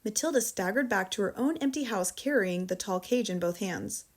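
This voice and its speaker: A woman's voice: mid-range voice, expressive, moderate pace. American woman reading an audiobook. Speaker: audiobook reader. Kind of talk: audiobook narration.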